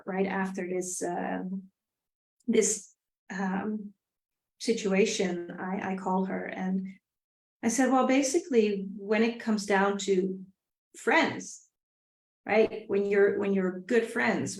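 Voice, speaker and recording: Earnest middle-aged woman, roomy sound. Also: mid-range voice. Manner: earnest, reflective, repeats phrases; drops to a soft, quiet voice at times. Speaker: live stream host. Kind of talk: personal storytelling on a live stream. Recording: roomy echo.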